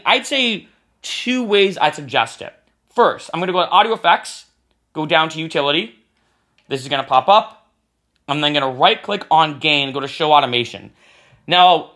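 Bright fairly high guy walking thru music software, casual, keeps saying right. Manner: casual, talks while clicking, says "right?" often. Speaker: music production tutor. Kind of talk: screen-recorded software tutorial.

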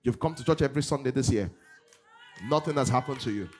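A man's voice: mid-range voice, quick pace. A middle-aged man preaching a sermon as pastor, acting out congregants' voices and laughing often.

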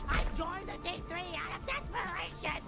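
A woman's voice: very high voice, lively intonation, moderate pace, vocal fry, loud music behind the voice, heavily acted. An actress voicing an awkward, oversharing alien woman in a video game, rambling in a confessional way.

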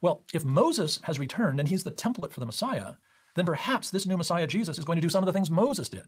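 A Bible teacher speaks in a recorded study lecture, explaining his points step by step. His voice sits a little high for a man and swings widely in pitch. It has a faint husky grain throughout. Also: animated, fast. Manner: explains step by step with rhetorical questions.

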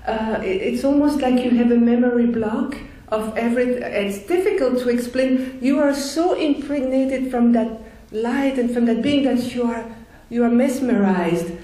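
Woman, testimony talk, earnest, unhurried, mellow tone, heavy room echo. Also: on the high side. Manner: slow, earnest, with frequent restarts and fillers. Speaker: speaker sharing a near-death experience.

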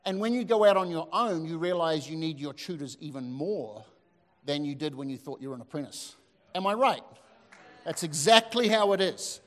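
A man, preaching a sermon as a pastor, telling lively stories with asides to the congregation. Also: a little high, normal speed. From New Zealand. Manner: animated storytelling with asides to the audience. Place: church hall. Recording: long hall reverb.

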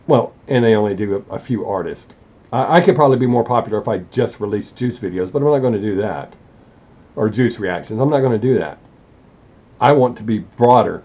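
A man's voice: fairly low pitch, expressive, fairly quick, darkish tone. A man hosting a music reaction channel, talking bluntly and rambling, often correcting himself mid-sentence. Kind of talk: casual opinionated talk to camera.

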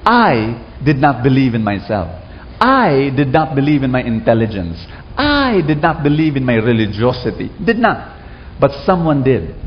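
A man's voice: mid-range voice, sing-song, moderate pace, a little hiss or hum. A man with a Filipino accent preaching a sermon to a live audience, drawing them into call-and-response. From Philippines. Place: large hall with a live audience. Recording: echoey hall, muffled sound.

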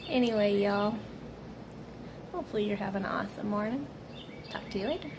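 Chatty woman with a gravelly voice. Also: mid-range voice, animated, fairly quick, long pauses, noisy background. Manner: chatty and rambling. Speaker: vlogger. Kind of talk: casual chat to camera.

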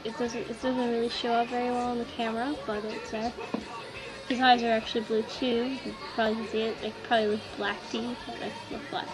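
A woman's voice: fairly high pitch, level tone, a little fast, music in the background, low-quality recording. A woman talking casually to camera in a rambling vlog, giggly and scatterbrained, often laughing at herself. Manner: giggly, scatterbrained, self-mocking. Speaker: vlogger.

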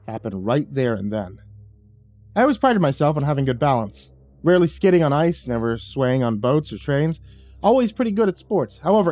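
Male horror narrator, slightly high, dramatic first-person read; dry home studio, light music. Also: dry recording. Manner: dramatic, drops low and soft for grim lines.

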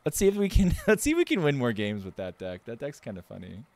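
A man's voice: mid-range voice, wildly swooping pitch, fast talker, a little mellow, no room sound. A man streaming a card game, thinking aloud and joking as he plays. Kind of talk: casual gameplay commentary.

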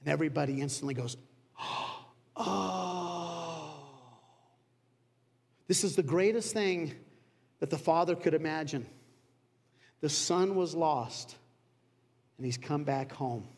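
A male pastor preaching a sermon, telling a story in a conversational way with dramatic pauses. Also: on the high side, darkish tone. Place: church sanctuary. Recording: long church hall reverb.

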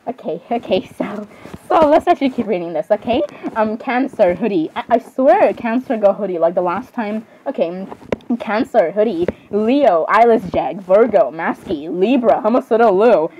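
A woman's voice: medium pitch, animated, moderate pace, a little mellow. A young woman chatting casually, rambling and apologizing as she reads out lists and reacts. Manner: rambling, giggly, self-interrupting with frequent apologies. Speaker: fan reading creepypasta zodiac lists. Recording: slightly muffled, faint background hiss.

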